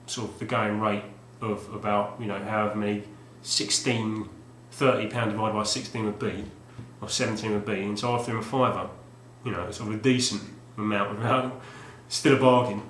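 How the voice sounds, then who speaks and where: With a lowish, fairly bright voice that barely moves in pitch, a man talks a little fast and with few pauses about a game he purchased. He's a retro game collector vlogger in a casual video, rambling with plenty of fillers and restarts, captured with roomy echo and faint hum.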